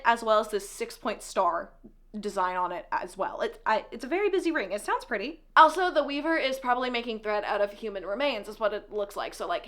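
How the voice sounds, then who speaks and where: A woman's voice: on the high side, a bit bright. A woman recapping a book for a video in a chatty, unscripted way, dropping sarcastic asides. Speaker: book vlogger.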